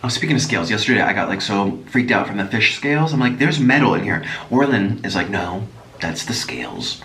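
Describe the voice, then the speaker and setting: A man vlogging as he eats, chatty and animated, breaking off with sudden gasps and exclamations. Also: lowish voice, fast. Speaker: mukbang vlogger. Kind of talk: casual chat while eating. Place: echoey room at home. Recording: echoey room, voice from a distance, faint noise.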